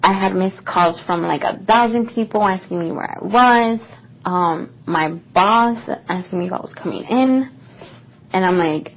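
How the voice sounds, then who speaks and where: A woman's voice: medium pitch, measured pace, gravelly. A young woman co-hosting a podcast, telling a personal story in a casual, rambling way with lots of fillers. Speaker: podcast co-host. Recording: dull lo-fi podcast recording.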